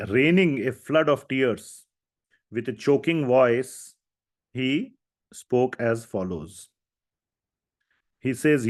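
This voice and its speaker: A man leads a scripture class, recounting the dialogue of the story at an easy, conversational pace. His voice sits in an ordinary middle register, and he pauses with small fillers while he explains. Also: mid-range voice. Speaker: lecturer.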